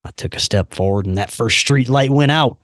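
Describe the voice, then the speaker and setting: A man hosting a podcast, telling a personal story in a casual, animated way, acting out the voices he quotes and dropping "man" and "dude" often. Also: mid-range voice, brisk, dry recording, studio quality. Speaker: podcast host.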